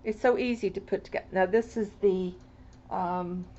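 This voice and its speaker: A woman's voice: mid-range voice, fairly even intonation, normal speed, dark tone. A woman from Florida chatting in a rambling way on her crafting vlog, with many restarts. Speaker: crafting vlogger. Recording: dull lo-fi home recording.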